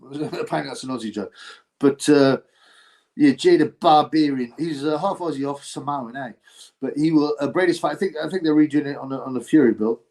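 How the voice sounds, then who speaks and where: A man's voice: fairly high pitch, a little fast, a little mellow. A man hosting a casual livestream about boxing, rambling between topics with many fillers and chuckles. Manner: rambling, chatty, with frequent fillers and laughs. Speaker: boxing channel host.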